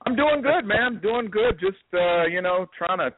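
A man's voice: high-pitched, lively intonation, moderate pace, dry recording. A man calling in to a podcast, a comedian trading loose, profane wisecracks. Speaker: caller, comedian. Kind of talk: casual chat. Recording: tinny phone line.

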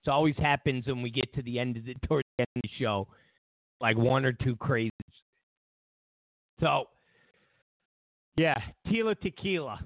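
A man's voice: medium pitch, normal speed, long pauses, no echo. Male show host, incredulous and stammering, dry phone-quality sound. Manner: sarcastic, incredulous, stammering restarts. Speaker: political commentary show host. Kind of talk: ranting talk-show commentary.

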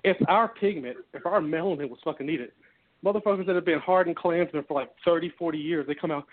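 A man's voice: on the high side, fast talker. A man talking bluntly and heatedly with heavy swearing, co-hosting a casual podcast. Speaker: co-host. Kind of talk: casual profane podcast chat. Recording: tinny phone line.

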